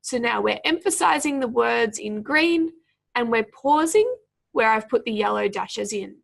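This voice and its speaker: A young adult woman teaching as a speaking tutor, explaining pauses and stress and reading a passage aloud clearly and deliberately. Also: fairly high pitch, animated. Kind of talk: exam prep lesson.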